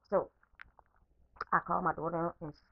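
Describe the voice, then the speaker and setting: A woman with a somewhat low voice vents in a heated, unscripted rant, swearing freely and circling back over the same words. It is a phone voice message with a dull, lo-fi sound. The room is dry, with no echo. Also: little pitch movement, moderate pace, vocal fry. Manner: profane, repetitive, heated. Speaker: podcaster.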